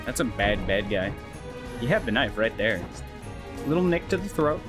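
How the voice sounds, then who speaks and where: A young man giving casual commentary over a let's play, excitable and jokey, prone to profane outbursts. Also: on the low side, moderate pace, over music.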